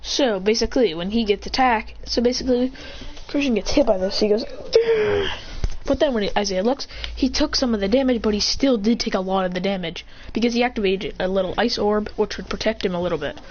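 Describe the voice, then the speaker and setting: A woman's voice: medium pitch, quick pace, darkish tone, slight background noise. A woman telling an improvised story in a rambling way, full of restarts and sound effects, on a dull lo-fi recording.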